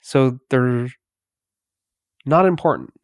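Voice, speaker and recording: A man giving a meditative spiritual talk, speaking softly with long pauses between phrases. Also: mid-range voice, clear, resonant tone, no room sound, studio quality. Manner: slow, pausing, softly spoken. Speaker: spiritual teacher.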